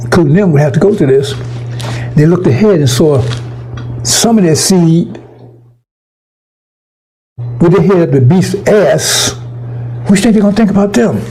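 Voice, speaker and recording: A man's voice: high voice, expressive, normal speed, long pauses, mellow, slightly rough, poor audio. A man preaching an informal, fiery sermon to his congregation, emphatic and profane, often stumbling and restarting his words.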